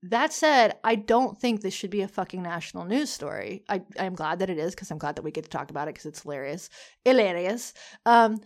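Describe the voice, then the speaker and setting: A woman's voice: fairly low pitch, expressive, fast talker, hardly any pauses. A woman co-hosting a podcast in casual chat, talking with lots of fillers and restarts. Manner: chatty, many fillers and restarts. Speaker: podcast co-host.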